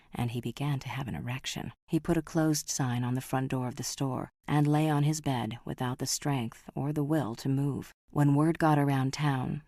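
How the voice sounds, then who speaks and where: A woman narrating an audiobook in a dramatic, measured reading. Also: a bass voice, vocal fry, dark tone, no echo, studio quality.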